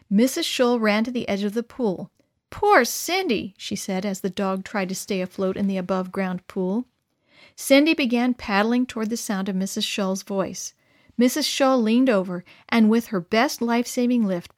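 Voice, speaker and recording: A woman telling a story to children, gentle and clear with expressive reading. Her voice sits in a middle range. The recording is dry and close, with no room sound. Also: medium pitch, dry recording.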